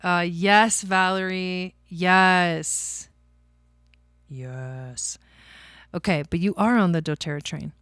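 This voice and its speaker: A woman's voice: lowish voice, fairly even intonation, unhurried, hardly any pauses, a bit bright, clean tone, no room sound, clean studio sound. A woman doing casual livestream astrology and tarot readings, chatty, laughing often and talking to her viewers by name.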